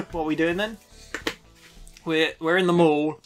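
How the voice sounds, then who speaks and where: A man's voice: a little high, unhurried. A man commentating a video game with friends, making crude jokes and laughing a lot. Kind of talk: let's play commentary. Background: game music.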